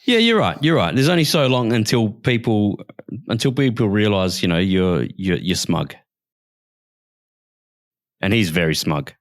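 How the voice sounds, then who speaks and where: A man's voice: on the low side, animated, a little slow, long pauses, no echo, clean studio sound. An Australian man co-hosting a podcast, rambling and repeating himself in casual chat. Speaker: podcast co-host.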